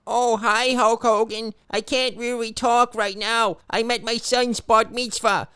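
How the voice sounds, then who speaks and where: A man's voice: very high-pitched, little pitch movement, measured pace, bright, forceful tone, clean tone, no echo, exaggerated voice. Man doing a chatty cartoon dictator.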